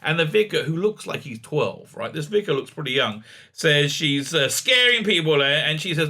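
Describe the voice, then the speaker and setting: A man's voice: a little high, expressive, moderate pace, sharp tone. A middle-aged man reviewing a TV episode in a rambling, sarcastic way, full of uhs and restarts. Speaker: show recap reviewer. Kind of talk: casual review commentary.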